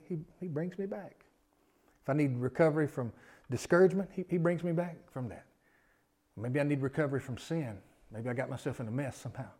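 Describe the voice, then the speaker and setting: A man preaching a sermon, earnest, often repeating his words and swinging from loud emphasis to a hushed voice. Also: on the high side. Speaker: pastor.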